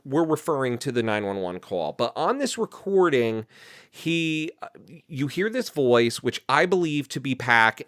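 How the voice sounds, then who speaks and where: A man from New Jersey, an author and podcast guest, talking in an animated, indignant way, full of "you know" and "like". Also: medium pitch, no echo, studio quality. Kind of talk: podcast interview.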